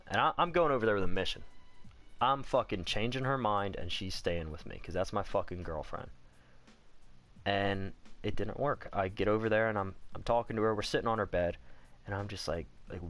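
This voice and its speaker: A young man with a fairly low, slightly bright voice tells a personal story in a casual vlog. He's candid and rambling, swears freely, and says "like" constantly.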